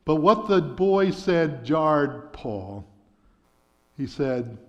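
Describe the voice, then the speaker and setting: A male preacher tells a sermon story slowly and earnestly, his voice sitting fairly high. A long reverb from the church sanctuary trails each phrase. The sound is slightly muffled. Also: sing-song.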